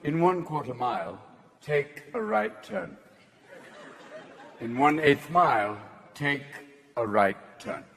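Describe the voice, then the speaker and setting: A man voicing a prim, bitchy English female car navigator, speaking softly and clipped. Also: on the high side, big pitch swings, slow pace, creaky, pauses often, long reverb tail, pitched below the performer's own voice, full character voice.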